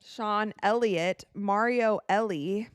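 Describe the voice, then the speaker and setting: An excitable woman from the United States giving casual live commentary while watching a game, tired and yawning, with quick reactions and frequent laughs. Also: mid-range voice, clean tone, dry recording, clean studio sound. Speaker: live-stream sports commentator.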